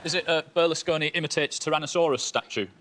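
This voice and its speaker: A man's voice: on the high side, fast talker, very noisy. A man in his early thirties on a comedy panel, with a dry, hesitant, self-deprecating delivery. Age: early 30s.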